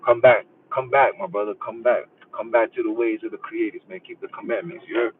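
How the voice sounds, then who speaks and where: A man mimicking a soft-spoken, pious man who keeps pleading with his brothers to repent, in a hushed voice, repeating himself. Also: mid-range voice, fairly even intonation, brisk, breathy edge, pitched below the performer's own voice, lightly acted. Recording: tinny phone-like sound from far off.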